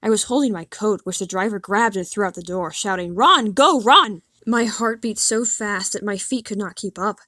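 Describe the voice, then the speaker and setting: A woman narrating an audiobook in the first person, with an earnest, expressive reading. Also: mid-range voice, a little fast, few pauses, no echo. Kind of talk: scripted narration.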